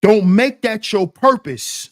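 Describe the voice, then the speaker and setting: A man's voice: sits high, lively intonation, slow, fairly bright tone. A man hosting a commentary channel, talking in a casual, slang-heavy, emphatic way.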